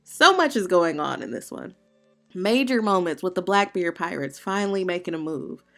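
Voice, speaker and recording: Low-voiced woman recapping manga casually. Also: fairly bright tone. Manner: slangy and opinionated, with playful heckling asides. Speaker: manga review host. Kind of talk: casual spoken chapter recap.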